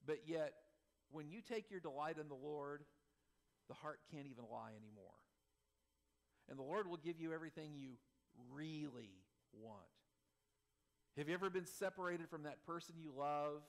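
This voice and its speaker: A middle-aged man preaching a sermon as pastor, animated, swinging between loud emphasis and soft asides with chuckles. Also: a little high.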